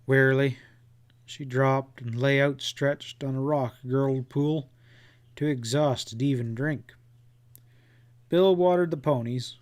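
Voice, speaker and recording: A man narrating a western novel as an audiobook, reading in a slow, measured way. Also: mid-range voice, a little mellow. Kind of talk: scripted narration.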